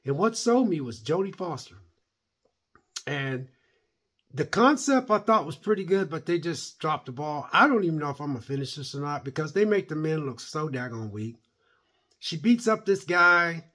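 A man's voice: on the high side, lively intonation, normal speed, bright, forceful tone. A man giving a rambling, blunt, opinionated spoken review of a TV series. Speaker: show reviewer.

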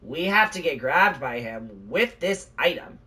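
A gaming channel host giving let's play commentary, excitable, exclaiming and swearing at the game. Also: mid-range voice, measured pace, slightly rough, far from the mic.

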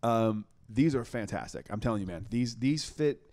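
A man's voice: medium pitch, expressive, normal speed, a little mellow. A young man hosting a podcast, talking in a casual, enthusiastic and rambling way with many restarts. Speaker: podcast host. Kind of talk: casual chat.

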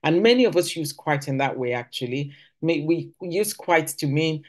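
A woman giving a conversational teaching talk at church, acting out quoted phrases with sudden jumps in pitch. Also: lively intonation, normal speed, few pauses. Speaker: church speaker.

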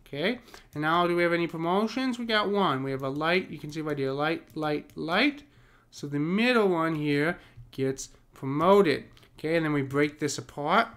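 A man teaching poetic meter in a casual, chatty way, full of ums and quick check-ins with the viewer, and reading verse slowly. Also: on the high side, animated, a bit bright, smooth. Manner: loose and chatty, many ums and "cool, right?"; slow, deliberate reading of verse. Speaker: poetry teacher. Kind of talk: casual screen-share lesson with poem reading.

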